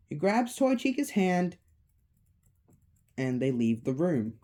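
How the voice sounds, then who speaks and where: A woman retelling a spooky fan story in a relaxed, offhand way. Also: deep voice, takes it slowly, pauses often. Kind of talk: casual storytelling.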